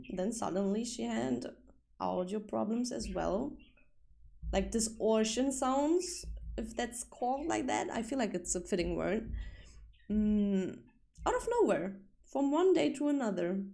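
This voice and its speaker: A woman's voice: medium pitch, lively intonation, takes it slowly, vocal fry, mellow. A young woman with a German accent chatting casually on a livestream, rambling and swearing when annoyed. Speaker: streamer.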